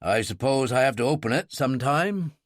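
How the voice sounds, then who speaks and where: A man voicing a grim, reluctant older admiral who speaks in a measured, dry way. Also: mid-range voice, expressive, no room sound, natural voice.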